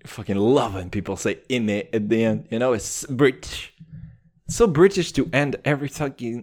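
A man's voice: medium pitch, moderate pace. A man from Russia delivering a rambling, profane comedic rant, riffing on tangents and calling the listener dude. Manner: animated, calls the listener dude.

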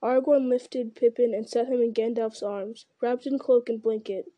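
A woman reading a fantasy novel aloud in a steady storytelling manner, with small slips she corrects as she goes. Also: a little high, moderate pace, no room sound, lo-fi sound.

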